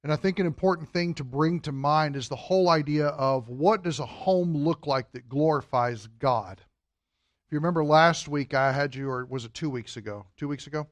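A man's voice: fairly high pitch, normal speed, dry recording. A man teaching a Sunday school Bible class in an earnest, explanatory way, drawing out key words for emphasis.

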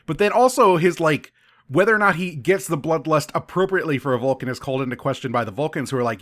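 A man's voice: fairly high pitch, quick pace, a bit bright. A man co-hosting a podcast, rambling enthusiastically and swearing casually as he recaps a TV episode. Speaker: podcast co-host.

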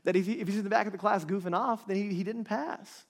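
This man in his thirties is a pastor whose high voice moves fast with fairly even intonation. His sermon stays conversational as he keeps checking on his listeners, all echoing with a large hall's long reverb.

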